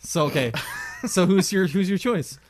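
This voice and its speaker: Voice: mid-range voice, a little slow, darkish tone. A podcast host in casual banter, joking and laughing often.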